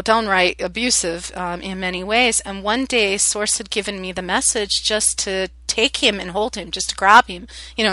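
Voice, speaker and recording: Chatty, bright-voiced woman meditation host. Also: medium pitch, no room sound, rough recording. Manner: chatty, full of "um" and "you know"; soft, earnest and loving. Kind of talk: casual spiritual talk to an online group.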